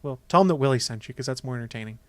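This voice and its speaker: A man's voice: medium pitch, racing, a bit bright, no echo, clean studio sound. A man from the American South co-hosting a podcast, running through plugs and casual chat and laughing easily. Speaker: podcast co-host.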